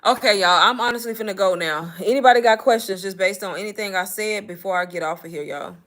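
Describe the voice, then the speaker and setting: A woman talking loosely on a live stream. Her voice is bright and forward. She chats in an animated way and turns to answer viewers' comments. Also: mid-range voice, quick pace. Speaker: host of a live Q&A on online business.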